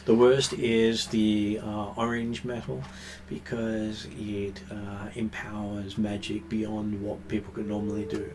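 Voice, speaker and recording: A man's voice: fairly low pitch, monotone, darkish tone. Man narrating as game master. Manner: descriptive, with frequent "uh" pauses. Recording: faint background noise.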